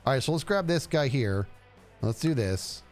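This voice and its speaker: A man streaming a game and chatting casually, animated and jokey, talking to himself as he plays. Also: medium pitch, moderate pace, faint music behind. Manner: animated, jokey, talks to himself while playing. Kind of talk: casual gameplay commentary.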